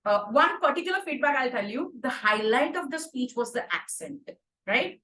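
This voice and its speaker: A woman with an Indian English accent hosting an online club meeting and giving warm, expressive feedback. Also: high voice, moderate pace, roomy sound, slight background noise, rough recording. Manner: warm, expressive, praising then suggesting. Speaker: meeting host, Toastmaster of the day.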